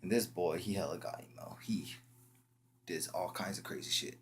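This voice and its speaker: A young man with a low voice tells a story casually, full of slang. He halts often and restarts his sentences. A faint hum runs behind his voice. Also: fairly bright tone. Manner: slangy, halting, with frequent restarts. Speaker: vlogger.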